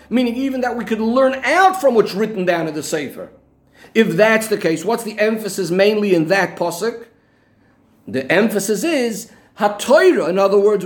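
A man giving an explanatory Torah lesson, going through the reasoning methodically and restating each point step by step. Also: high voice. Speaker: Torah teacher.

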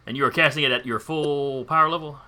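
A fast-talking man with a higher-pitched, fairly even voice runs a tabletop game as game master. He reads the rules out plainly and matter-of-factly and asks the players for rolls. The recording is very noisy.

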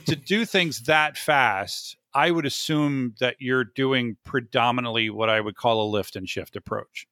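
A man hosting an interview, asking probing, measured questions. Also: mid-range voice, bright, forceful tone, no echo, clean studio sound. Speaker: host. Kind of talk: conversational interview.

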